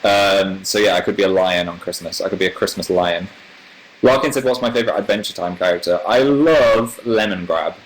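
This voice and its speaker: Chatty man on a livestream, lowish voice. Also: brisk, a little hiss or hum, low-quality recording. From northern England, near Manchester. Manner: chatty, animated, rambling. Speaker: YouTuber host. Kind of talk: casual livestream chat reading viewer comments.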